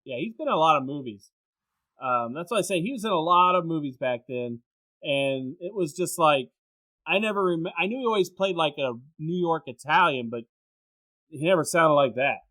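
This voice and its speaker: A man's voice: a little high, expressive, normal speed, sharp tone. A man co-hosting a podcast, chatting casually and opinionatedly about a film and swearing freely. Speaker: podcast co-host. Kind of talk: casual movie review chat.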